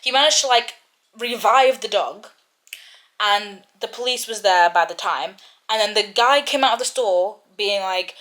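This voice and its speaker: A woman's voice: medium pitch, a little slow, fairly bright tone. A young woman, a book vlogger, chatting casually and ranting about what she is reading, with lots of filler words. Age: young adult. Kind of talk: casual chat and reading aloud.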